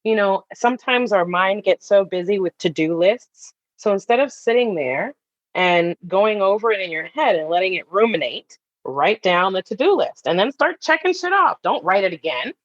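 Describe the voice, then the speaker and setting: A woman coaching on wellness in a relaxed podcast chat, animated and salty, slipping into little voices to act things out. Her voice sits at a middling pitch. The recording is dry and slightly muffled, like a lo-fi mic. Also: moderate pace, no room sound. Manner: animated, swears freely, acts out inner voices. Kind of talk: casual podcast conversation.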